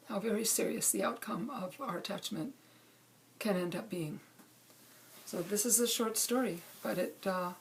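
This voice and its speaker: A middle-aged woman calmly telling a true personal story, with measured pauses. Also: medium pitch, a little hiss or hum. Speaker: speaker sharing a personal story.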